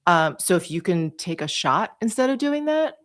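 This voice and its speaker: A woman's voice: lowish voice, big pitch swings, normal speed. A woman in her forties co-hosting a podcast, talking in a casual, hesitant way and searching for her words. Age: 40s. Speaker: podcast co-host. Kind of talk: casual chat.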